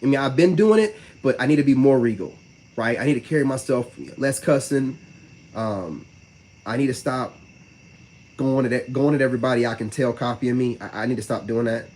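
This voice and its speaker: A man chats casually with his live-stream viewers, speaking fast and loose with heavy slang and repeating "you know what I'm saying." His voice is mid-range with a darkish tone, and there's a little hiss or hum on the recording.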